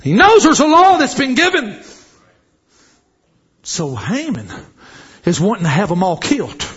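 A man preaching a sermon, fervent and often shouting, with repeated exhortations to the congregation. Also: high voice, huge pitch swings, unhurried, a little hiss or hum. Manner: fervent, shouting exhortation with call-and-response phrases. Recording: dull lo-fi recording.

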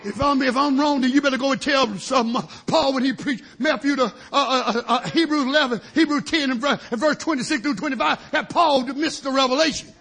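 A middle-aged male preacher delivering a fiery sermon. He swings between shouted peaks and low asides, and drops in hallelujahs. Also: a little fast, creaky, hardly any pauses.

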